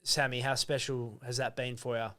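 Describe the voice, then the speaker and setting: A man's voice: mid-range voice, flat delivery, normal speed, sharp tone. A man hosting a podcast, asking long, rambling questions. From Australia. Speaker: podcast host. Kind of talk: casual interview chat.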